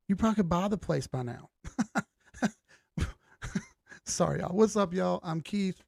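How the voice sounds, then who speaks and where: A man's voice: sits high, animated, moderate pace, creaky, long pauses, a little mellow, no echo, studio quality. A middle-aged man, hosting a live stream in casual chat, greeting viewers by name with a laid-back manner and the occasional swear. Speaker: livestream host.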